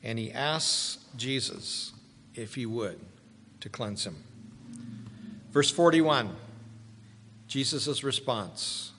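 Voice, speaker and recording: A man preaching a sermon as a pastor, slow and deliberate, with dramatic pauses and rising emphasis. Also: mid-range voice, lively intonation, bright, forceful tone, a little hiss or hum. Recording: long hall reverb.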